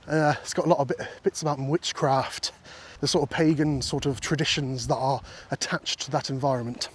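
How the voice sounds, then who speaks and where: A slightly rough, medium-pitched male voice with fairly even intonation speaks at normal speed. He's a walking vlogger joking and chatting casually with his audience and the sheep he passes on countryside fields and paths, faint wind outdoors.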